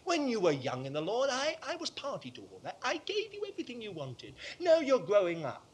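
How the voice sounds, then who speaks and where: A man preaching a sermon with impassioned conviction, dropping to hushed tones and then rising to forceful, emphatic repetition. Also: sits high, wildly swooping pitch, brisk, slightly rough.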